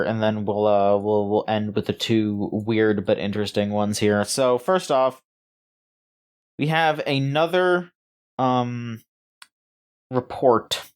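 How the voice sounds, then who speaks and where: A man co-hosting a casual gaming news podcast, rambling and halting with frequent restarts and fillers. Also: mid-range voice. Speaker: podcast co-host.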